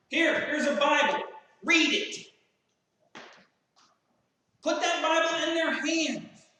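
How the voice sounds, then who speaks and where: A man's voice: high-pitched, a bit bright. A man preaching a sermon as pastor of a small church, folksy and acting out the voices he quotes. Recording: echoey church hall from far off.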